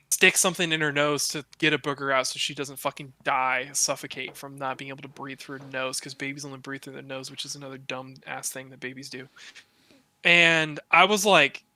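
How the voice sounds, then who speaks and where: A man's voice: medium pitch, no room sound. A young man hosting a casual podcast, telling stories with lots of fillers and swearing. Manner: swears a lot, many fillers, animated storytelling. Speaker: podcast host.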